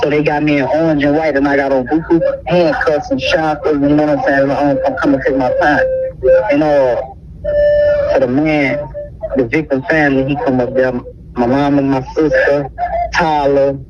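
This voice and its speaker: This Baton Rouge man, speaking with a Louisiana accent, is an interview guest telling his story in a casual, streetwise way, acting out the voices of people he quotes and leaning heavily on "bro" and "you know what I'm saying." His fairly high voice is delivered flatly at a moderate pace. He sounds far from the mic, and the lo-fi recording is very noisy.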